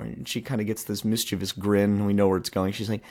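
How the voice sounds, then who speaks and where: A man's voice: on the low side, fairly even intonation, fast, hardly any pauses, a little mellow. Chatty man rambling through a story. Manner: rambling, chatty, many fillers and restarts. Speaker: podcast host. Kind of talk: casual storytelling monologue. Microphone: handheld microphone.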